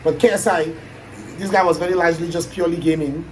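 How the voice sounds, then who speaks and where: A man's voice: a little high, fairly even intonation, fast talker, a little hiss or hum, rough recording. A Nigerian-accented man thinking aloud in a casual, reflective chat, trailing off into asides as he muses. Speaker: aspiring YouTuber.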